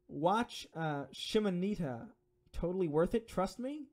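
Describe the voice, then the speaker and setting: On a live stream, a young man reads viewer donations aloud and fields questions, rambling, swearing freely and relying on fillers. His voice sits slightly high and sounds a little mellow.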